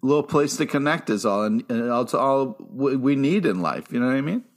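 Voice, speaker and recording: A man's voice: medium pitch, expressive, fairly quick. A man co-hosting a podcast, dropping dry, teasing remarks in a casual TV recap. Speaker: podcast co-host.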